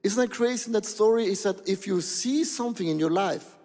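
A male pastor preaching a sermon in an animated, exclaiming way, with non-native phrasing, in a large church hall. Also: high-pitched, brisk. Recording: long hall reverb.

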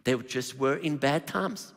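A man's voice: medium pitch, measured pace. A man preaching a conversational sermon, full of rhetorical questions and voiced quotes from Bible figures. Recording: reverberant hall.

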